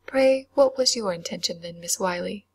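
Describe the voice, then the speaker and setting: A woman's voice: medium pitch, slightly rough. Miss Wilson, a woman voicing a stern headmistress. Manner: quiet, severe and measured. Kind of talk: whispered role-play reading.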